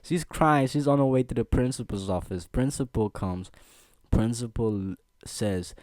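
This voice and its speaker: Lively low-voiced storyteller. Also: male voice, moderate pace, no echo, studio quality. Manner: animated, laughing, slangy, frequent "bro" and "see what I'm saying". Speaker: vlogger. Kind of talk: casual storytelling.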